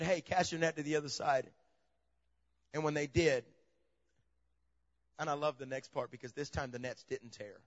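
Man, preacher, fairly high voice, storytelling sermon, loud to hushed, dull lo-fi recording. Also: fairly even intonation, normal speed, pauses often. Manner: storytelling, swinging from loud emphasis to hushed near-whisper. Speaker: pastor. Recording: dull lo-fi sound.

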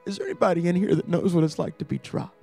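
High-voiced male preacher, dramatic storytelling. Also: racing, gravelly, slightly rough, soft background music. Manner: dramatic storytelling, builds to loud peaks. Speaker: campus ministry preacher. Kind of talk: sermon. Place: church.

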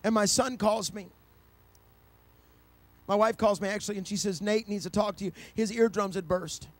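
Middle-aged male preacher, high voice, dry close sound, storytelling sermon that swells into fervent shouting. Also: fairly even intonation, moderate pace, no room sound. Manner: storytelling preacher, builds to loud passionate climax.

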